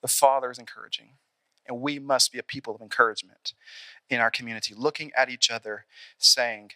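A young adult man preaching a sermon in an animated, conversational way, acting out little scenes along the way. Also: mid-range voice, brisk, dry recording. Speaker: pastor.

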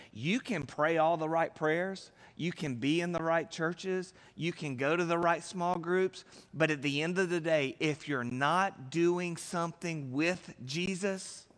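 A man preaching a sermon as pastor, animated and conversational, acting out little voices with big swings in loudness. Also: on the high side, big-room sound.

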